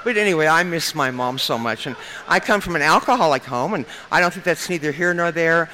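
A woman in her fifties from Nebraska tells stories from a podium at a recovery meeting, quick and folksy and full of humor. Her voice is bright and forceful, and she often turns to the crowd. Faint noise sits behind her. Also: deep voice, lively intonation, poor audio. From Lincoln, Nebraska. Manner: chatty, folksy, humorous, addresses crowd as you guys. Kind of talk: storytelling talk at a podium.

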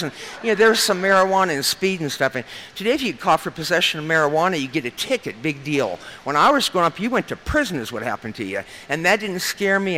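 Her recovery story comes from a podium mic in a meeting room: an older Nebraska woman, frank and folksy, who jokes a lot and repeatedly says "you guys" to the crowd. The voice is forceful and bright yet lowish, with a little hiss or hum.

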